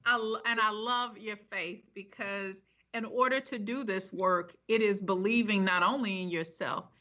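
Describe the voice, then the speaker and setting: Woman interview host, bright crisp voice, warm and affirming delivery. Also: mid-range voice, steady tone, measured pace. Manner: affirming, encouraging. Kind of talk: interview conversation.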